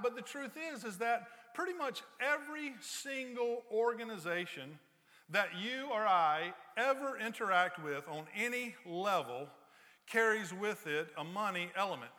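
A man with a high, bright, forceful voice preaches in a church, slipping into playful sarcasm as he spins everyday stories. His words ring out with a long reverb from the sanctuary around him. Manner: joking storyteller, playful sarcasm. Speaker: pastor. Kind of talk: conversational sermon.

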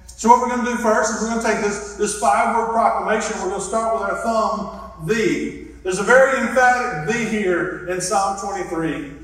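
A man's voice: high voice, moderate pace, fairly bright tone. A man preaching a sermon as pastor, earnest and reflective, guiding his listeners through a simple hand gesture exercise. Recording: echoey hall from far off.

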